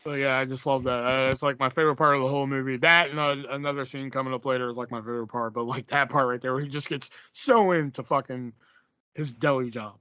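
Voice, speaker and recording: A man's voice: mid-range voice, steady tone, fast talker, pushed and bright, clean tone, dry recording, highs cut off. A man co-hosting a podcast, casually recapping a film with lots of fillers and laughs. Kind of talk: casual chat.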